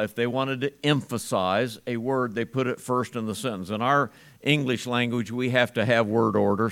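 A man's voice: mid-range voice, a bit bright. A man preaching a morning sermon, teaching through a Bible passage verse by verse and chuckling now and then. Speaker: pastor.

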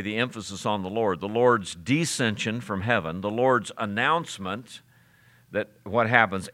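Bright-voiced man preaching a sermon. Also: mid-range voice. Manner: conversational preaching with fillers and chuckles. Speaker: pastor.

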